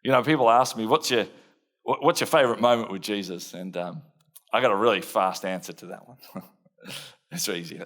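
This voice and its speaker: An Australian man preaching a dramatised sermon, playing an impulsive, blunt fisherman disciple who tells his story in first person with earnest warmth and self-mocking humour. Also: fairly low pitch, brisk. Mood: lively storytelling.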